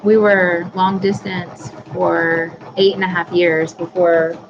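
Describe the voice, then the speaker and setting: A woman's voice: lowish voice, flat delivery, slow pace, dull audio, noisy background. A woman in her thirties hosting a casual live stream, chatting with viewers by name and apologizing easily. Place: home workroom with a sewing machine running.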